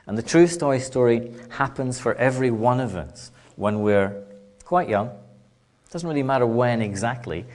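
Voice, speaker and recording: A man's voice: mid-range voice, a little mellow. A middle-aged man giving a spiritual lecture to a live audience, telling stories with a playful touch and now and then acting out a child and an adult. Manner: playful storytelling, acts out child and adult voices, laughs often. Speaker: speaker giving a public talk. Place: lecture hall.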